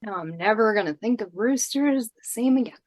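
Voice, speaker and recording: A woman's voice: a little high, lively intonation, fairly quick, darkish tone, no room sound, clean studio sound. A woman hosting a podcast panel in casual chat, often laughing helplessly. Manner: giggly, breaks into helpless laughter. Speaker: podcast host.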